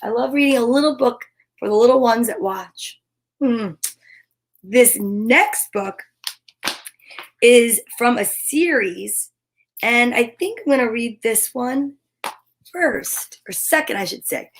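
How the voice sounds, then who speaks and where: A woman hosting a children's story time, talking in an upbeat, gentle, affirming way. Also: on the high side, lively intonation, slow pace, pauses often, slight background noise, poor audio. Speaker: host reading children's books.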